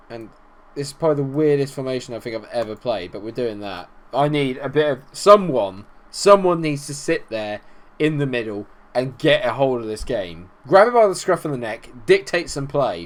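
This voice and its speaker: A young man commentating his own football management game, exasperated, swinging from low muttering to shouting at his players. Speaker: gaming YouTuber. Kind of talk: let's-play commentary.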